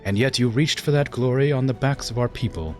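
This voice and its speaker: A man's voice: medium pitch, fairly quick, faint music behind, voice pushed up, lightly acted. A man reading a resolute young woman ruler from a game in an English accent, firm and commanding. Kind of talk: reading game dialogue aloud.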